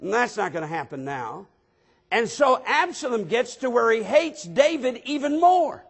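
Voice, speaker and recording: A male pastor delivering a sermon in a high, husky voice with a gravelly fry. He reads scripture aloud and pushes his points with emphatic bursts that climb toward shouting. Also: sing-song, normal speed. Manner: preaching with emphatic rises to near-shouting; reads scripture aloud in King James wording.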